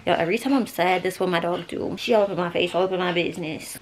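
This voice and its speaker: A woman's voice: fairly low pitch, fairly even intonation, racing, hardly any pauses, a little hiss or hum. A young woman vlogging to camera, telling a breakup story in casual, slang-filled chat, weepy after crying. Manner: chatty and emotional, slangy, fillers of "like". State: weepy, just cried.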